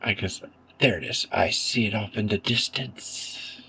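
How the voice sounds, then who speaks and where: Laid-back male gamer, gravelly and unhurried, self-mocking asides over mouse clicks. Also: on the low side. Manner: relaxed, self-deprecating, thinks aloud. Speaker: gaming video creator. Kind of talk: casual gameplay commentary.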